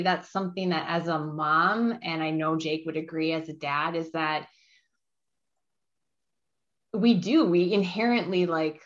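Podcast co-host, woman, low-ish voice, affirming and reflective, muffled lo-fi audio. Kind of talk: casual interview chat. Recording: dull lo-fi sound.

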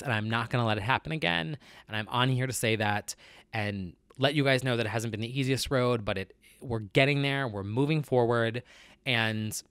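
A man with a nasal voice talks earnestly in a casual vlog and works through his thoughts with lots of fillers. His pitch sits in the middle range. The sound is close and dry, with no room echo. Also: fairly bright tone. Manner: earnest and confessional, with many fillers. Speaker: vlogger. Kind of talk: casual personal vlog chat.

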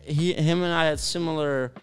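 A man's voice: fairly high pitch, fairly even intonation, normal speed, soft background music. Young Dutch man telling laughing stories. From Netherlands. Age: young adult. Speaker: college soccer player guest. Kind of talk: casual podcast chat.

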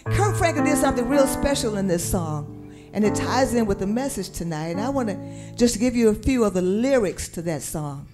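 A woman's voice: medium pitch, lively intonation, normal speed, over music. A woman preacher with a Southern American accent, delivering a sermon and drawing call-and-response from her congregation in church. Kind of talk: sermon with sung lyrics. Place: church sanctuary.

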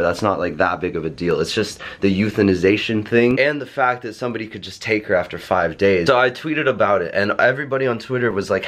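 A man's voice: lowish voice, fairly bright tone. A young man talking casually to camera as a vlogger, slangy and annoyed, swearing often. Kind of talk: casual vlog talk to camera.

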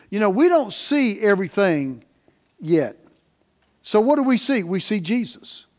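Man, pastor, sermon, high voice, emphatic, folksy, plain-spoken. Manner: emphatic preaching, swings from loud stresses to quiet asides.

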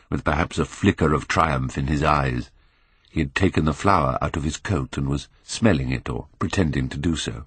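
A man narrating a classic novel as an audiobook, measured and expressive with dramatic swells, close to a studio mic. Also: very deep voice, slightly rough, dry recording. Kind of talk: scripted literary narration.

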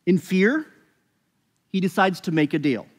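A fairly high-voiced male pastor delivers a sermon in a conversational way, often rising with emphasis and restarting his phrases. His voice rings out with the long reverb of a church hall. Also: animated, a little slow. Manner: conversational preaching with emphatic rises and frequent restarts. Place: church sanctuary.

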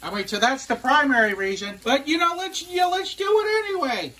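High, bright-voiced sardonic man. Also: fairly quick, a little hiss or hum. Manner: sardonic, deadpan ranting. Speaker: cooking show host. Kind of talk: comedic cooking video talk.

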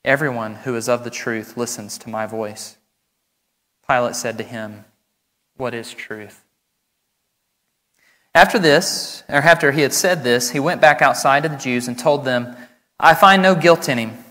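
A man's voice: medium pitch, measured pace, long pauses, sharp tone. A man, a pastor, reading scripture and preaching a sermon in an earnest, emphatic way. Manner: earnest and emphatic, speeding up when explaining. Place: church sanctuary. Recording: reverberant church hall.

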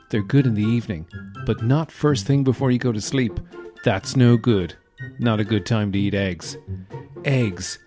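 A man voicing an overeager commercial announcer, delivering punchy slogans with dramatic pauses. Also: mid-range voice, natural voice.

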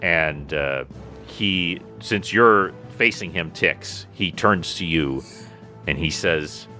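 A low-voiced man runs a tabletop game, his tone bright and forward. He talks in a relaxed way with many fillers and restarts. Faint music plays behind him. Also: takes it slowly. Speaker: game master.

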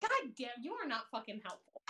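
A woman's voice: on the high side, very animated, brisk, sharp tone, a little hiss or hum. A woman player in a tabletop game, blunt and exasperated, swearing often. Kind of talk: casual tabletop play.

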